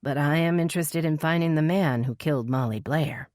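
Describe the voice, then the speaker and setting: Woman voicing a steady, earnest female cop. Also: a little fast, no echo, clean studio sound, lightly acted. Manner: earnest, steady, low and soothing. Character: calm, determined female police officer.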